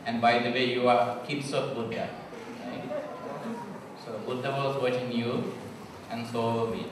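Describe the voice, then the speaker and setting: A man's voice: mid-range voice, level tone. A man hosting a temple celebration, introducing acts and explaining them with some fillers. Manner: warm, explanatory, slightly halting with fillers. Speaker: event host. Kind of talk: emcee announcing acts. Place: large hall at a temple celebration. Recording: echoey hall from far off, noisy.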